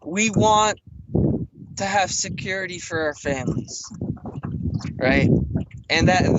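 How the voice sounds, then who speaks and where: A man's voice: on the high side, fairly bright tone, lo-fi sound, slight background noise. Emphatic man ranting from a boat. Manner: emphatic, repeats words, asks "okay?" and "right?". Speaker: guest on a live call-in show. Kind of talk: ranting casual chat. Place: small boat outdoors at night on a lake.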